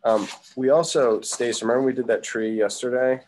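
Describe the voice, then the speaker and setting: A man teaching a drawing class, thinking aloud in a relaxed way, with plenty of ums. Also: mid-range voice, moderate pace, slight background noise. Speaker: art teacher. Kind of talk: casual live drawing lesson.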